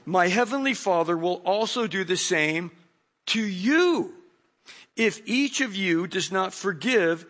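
A man's voice: high voice, slow pace. A middle-aged man preaching a sermon, reading a Bible passage and commenting on it as he goes. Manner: animated storyteller, acts out voices.

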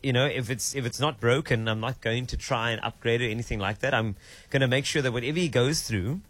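A man hosting a casual radio chat, animated, laughing often and repeating words. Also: medium pitch, fast. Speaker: radio host.

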